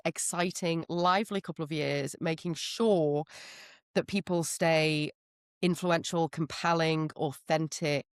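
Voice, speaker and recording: Low-voiced woman, candid guest, dry sound. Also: clean tone, no echo. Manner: lively, candid storytelling. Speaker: podcast guest. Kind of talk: casual interview chat.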